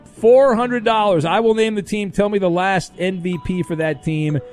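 A man's voice: sits high, normal speed, a little mellow, faint music behind. A man hosting a sports radio show and running a quiz game, teasing the players as he goes. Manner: playful, teasing quizmaster. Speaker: radio host.

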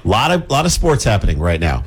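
A man's voice: on the low side, huge pitch swings, husky. A man co-hosting a sports talk show, riffing and joking in casual banter. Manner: jokey, riffing, doing quick silly voices.

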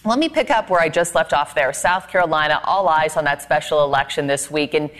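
Low-voiced woman anchoring the news. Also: a bit bright. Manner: brisk, conversational handoffs.

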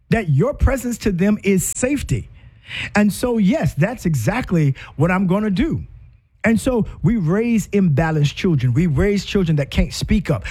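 A man's voice: high voice, darkish tone, breathy edge. A middle-aged man hosting a talk show, speaking with fervent, preachy passion and firing off rhetorical questions. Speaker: host. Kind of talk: impassioned commentary.

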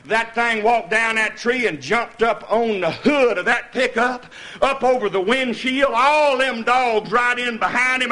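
A man telling a folk tall tale, animated, often laughing and breaking into hollers. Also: extremely high pitch, unhurried. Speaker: storyteller. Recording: noisy recording with clicks.

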